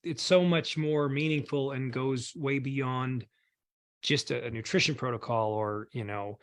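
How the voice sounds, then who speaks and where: A man's voice: medium pitch, fairly even intonation, measured pace, no room sound, clean studio sound. A man hosting a casual video call chat, speaking effusively and appreciatively. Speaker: host.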